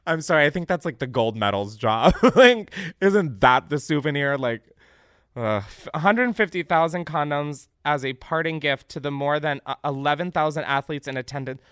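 A man hosting a comedic podcast, reacting loudly to what he reads, swearing freely and laughing often. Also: fairly high pitch, lively intonation, moderate pace, clean tone, no echo, clean studio sound. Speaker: podcast host.

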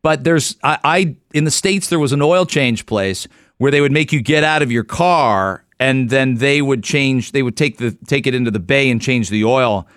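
A man's voice: medium pitch, normal speed, fairly bright tone, smooth, no room sound, clean studio sound. A middle-aged man hosting a radio talk show in casual chat, telling stories and acting out little exchanges. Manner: chatty storyteller, acts out quoted exchanges.

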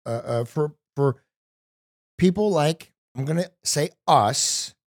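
An older man co-hosting a podcast, talking in a casual, halting way with many you-knows and uhs. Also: on the high side, dry recording, clean studio sound. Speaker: podcast co-host.

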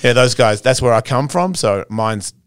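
A man's voice: medium pitch, expressive, moderate pace, smooth. A man with an Australian accent, a podcast guest who talks bluntly, swears freely and laughs often. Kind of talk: casual interview chat.

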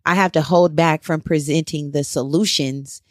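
Playful, slangy woman with a lower voice. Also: steady tone, normal speed, no room sound, clean studio sound. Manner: playful, slangy, joking asides. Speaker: podcast guest. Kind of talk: casual chat.

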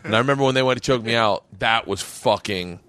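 A man hosting a podcast, telling a rambling, profane, animated story with many restarts in casual chat. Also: mid-range voice, fast talker, dry recording. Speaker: podcast host.

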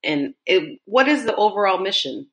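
A woman with a Midwestern American accent hosts a casual podcast interview, asking rambling, enthusiastic questions. Her medium-pitched voice is very animated and a bit bright, at a moderate pace.

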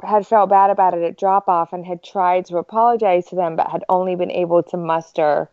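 A woman's voice: on the low side, steady tone, brisk, no room sound. Candid woman on a dull dry mic. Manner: candid, rambling, swearing casually. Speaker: podcast co-host. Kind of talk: casual chat among friends.

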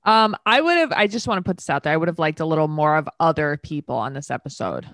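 A woman's voice: sits low, very animated, fast, fairly bright tone, no echo, clean studio sound. A woman co-hosting a casual podcast, giggly and playful in the banter. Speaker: podcast co-host.

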